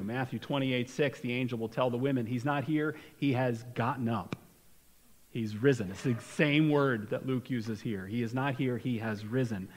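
A man's voice: medium pitch, big-room sound, poor audio. A man preaching a sermon as pastor, talking conversationally with rhetorical questions and frequent restarts. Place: church sanctuary.

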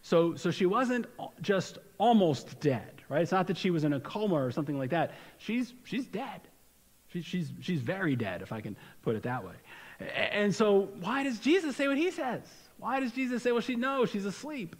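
Pastor, male, conversational sermon delivery, somewhat high voice, heard in a reverberant church hall. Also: big pitch swings, normal speed. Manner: conversational preaching with rhetorical questions and restarts. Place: church sanctuary.

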